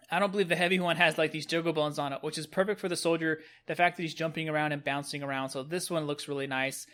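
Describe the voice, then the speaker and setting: A man's voice: sits high, a bit bright. A young man casually reviewing new game cosmetics, upbeat and rambling. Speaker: gaming video host.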